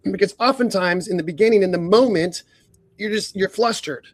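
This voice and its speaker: Earnest high-voiced man coaching on a podcast. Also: fairly quick, no echo. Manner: earnest, clears throat often, stacks up rhetorical questions. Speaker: leadership coach, podcast co-host.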